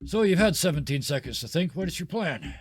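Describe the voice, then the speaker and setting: A man's voice: on the high side, very animated, fairly quick, breathy edge, dry recording, studio quality, pitched above the performer's own voice. A man voicing a casual, matter-of-fact male devil in a tabletop game. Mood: nonchalant.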